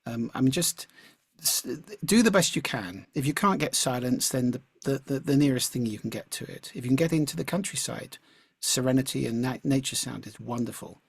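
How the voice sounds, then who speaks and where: A man, a speaking coach, answering audience questions in a measured, reflective way and clearing his throat now and then, over a video call mic. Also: mid-range voice, no echo.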